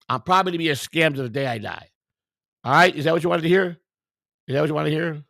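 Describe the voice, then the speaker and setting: A man's voice: on the high side, vocal fry, pushed and bright, no echo, clean studio sound. A tired man hosting a live stream, reading viewer comments and firing back at them in a combative, profane way. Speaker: livestream host.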